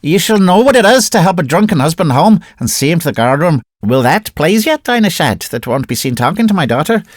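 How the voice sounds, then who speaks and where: A man's voice: fairly high pitch, very animated, fairly quick, hardly any pauses, no echo, clean studio sound, pitched above the performer's own voice. A man playing a bitter old crone, soothsayer, lilting, raised voice. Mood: bitter cursing. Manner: prophetic, wailing, bitter. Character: old Irish woman, bitter soothsayer cursing.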